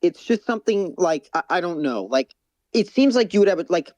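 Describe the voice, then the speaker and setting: A young man chatting on a podcast in a teasing, animated way. His pitch is slightly high and swings widely. The sound is dry and close. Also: normal speed, no room sound. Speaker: podcast co-host. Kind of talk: casual podcast chat.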